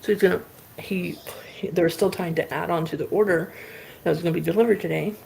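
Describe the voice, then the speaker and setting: Casting: woman streamer, lowish gravelly voice, rambly animated storyteller, faint background hiss. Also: quick pace. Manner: rambling, lots of "like" fillers; animated anecdote telling. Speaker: livestream host. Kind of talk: casual storytelling chat.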